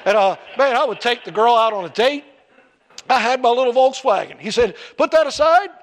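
Middle-aged male preacher, high-pitched, lively storytelling sermon. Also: brisk. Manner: animated storytelling with acted-out voices.

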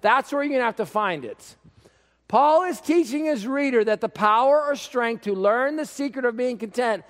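A man preaching a sermon as pastor, emphatic, repeating key phrases and swinging from quiet talk to shouting, in a church sanctuary. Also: extremely high pitch, expressive, normal speed. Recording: long hall reverb.

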